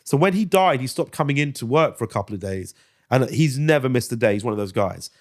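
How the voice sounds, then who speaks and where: Animated, storytelling man. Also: mid-range voice, fast talker. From Britain. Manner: animated storyteller, swears freely, slips into impressions. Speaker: guest actor and comedian. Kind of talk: casual podcast interview.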